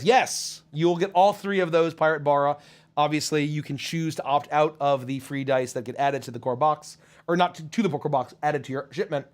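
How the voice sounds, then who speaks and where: A chatty man with a slightly high voice, hosting a casual livestream Q&A and reading out viewer comments. He rambles loosely and talks with easy, lively energy, like a voice actor chatting with fans. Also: moderate pace. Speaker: voice actor and show host.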